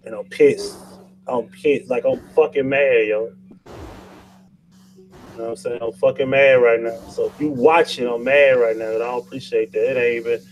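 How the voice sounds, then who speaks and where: A man's voice: medium pitch, steady tone, moderate pace, slight background noise, low-quality recording. A man hosting a casual live-stream chat, loose, profane and rambling, getting fired up. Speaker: YouTube channel host.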